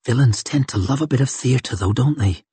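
A man's voice: mid-range voice, slow pace, a little mellow, husky, no room sound, full character voice. A man voicing a wry, muttering woman thief. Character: wary, dry-witted woman thief. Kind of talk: audiobook character voice.

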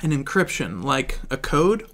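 Brief: skeptical archivist lady, a man reads it flat, gum in mouth. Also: mid-range voice, measured pace, creaky, full character voice. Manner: plain, flat line reading. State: chewing gum, mouth full. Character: poised, skeptical female archivist.

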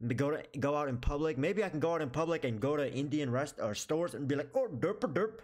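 A man's voice: on the high side, fast talker, a little mellow. Sarcastic man in a vlog rant. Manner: sarcastic and mocking. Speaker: YouTuber. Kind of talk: casual reaction vlog rant.

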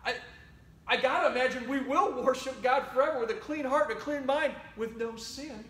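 A man preaching a sermon as pastor, talking conversationally and swinging between loud exhortation and quiet asides. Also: very high-pitched, fairly quick. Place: church sanctuary. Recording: roomy church sound from a distant mic.

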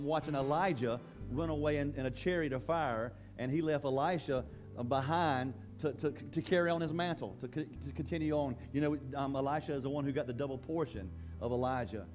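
Man, pastor, church sermon, conversational, halting, repeats words, fairly high voice. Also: darkish tone.

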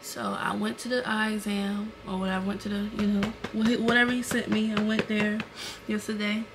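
A young woman vlogger, retelling an emotional story to camera in a casual, animated way with lots of fillers, recorded indoors at home on a camera mic. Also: mid-range voice, brisk, creaky, noisy background.

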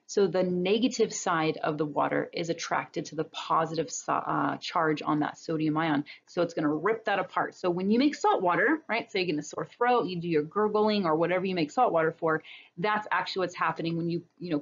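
Over her slides, a woman teaching biology walks through the material step by step, keeping it conversational. Her voice is lowish, and the talking-head recording, made on a webcam or computer mic, has dull audio.

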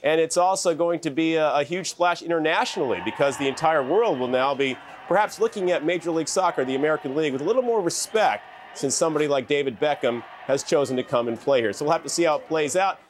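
A man's voice: fairly high pitch, slight background noise. A man on a morning TV show giving earnest, explanatory sports commentary from a studio. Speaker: sports reporter. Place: TV news studio.

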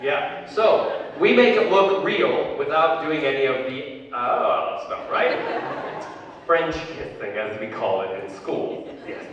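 A man on stage as a convention panel guest, telling an animated anecdote and acting out the others' voices. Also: fairly high pitch, slow, muffled recording, noisy background. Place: large convention hall. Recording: echoey hall, distant mic, crowd.

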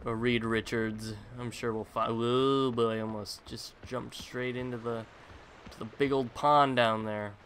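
A gaming YouTuber narrates his own gameplay in a casual let's-play, his mid-range voice a bit bright, fairly even in intonation and unhurried. He rambles with jokey, self-mocking asides, and there's slight background noise.

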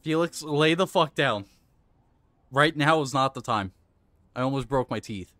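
Excitable, swearing male game streamer. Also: mid-range voice, unhurried, dry recording. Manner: excitable, swears and rages, coaches himself aloud. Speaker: live streamer. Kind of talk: live gameplay commentary.

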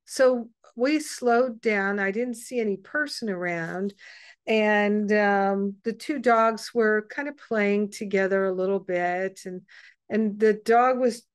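Woman host, unhurried and soft, wanders through a story with pauses; dry, close sound. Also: mid-range voice, clear, resonant tone, dry recording. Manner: meandering and gentle, with frequent pauses and restarts. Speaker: host of an online spiritual gathering. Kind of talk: personal storytelling to an online group.

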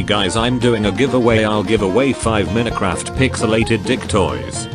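Male YouTuber, mocking reaction commentary, crude and foul-mouthed, lowish voice, music bed underneath. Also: moderate pace, hardly any pauses. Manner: crude, sarcastic ranting with heavy swearing. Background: background music.

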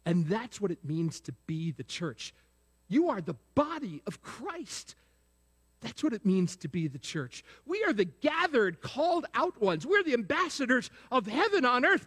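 Man, pastor, sermon, very high voice, lively swooping delivery, rhetorical questions. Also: measured pace. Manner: preaching with repeated rhetorical questions, prompting the congregation. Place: church sanctuary. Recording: long reverb of a church sanctuary.

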